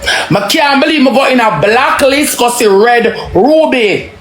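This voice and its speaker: Jamaican woman, high voice, loud laughing live-stream rant, repetitive, echoey room, faint background noise. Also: animated, unhurried.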